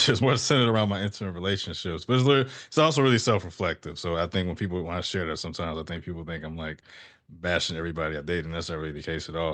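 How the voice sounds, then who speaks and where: A man in his thirties with a very deep voice, hosting a casual podcast conversation. He speaks reflectively and works his thoughts out slowly as he talks. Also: fairly bright tone. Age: 30s. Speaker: podcast host.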